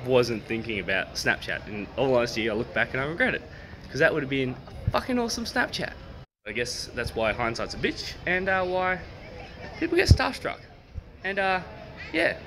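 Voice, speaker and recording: Chatty, swearing Australian guy with a lively voice. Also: mid-range voice, noisy background. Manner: chatty, swears freely, laughs often. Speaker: vlogger. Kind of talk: casual selfie vlog. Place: outdoor festival. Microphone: phone held at arm's length.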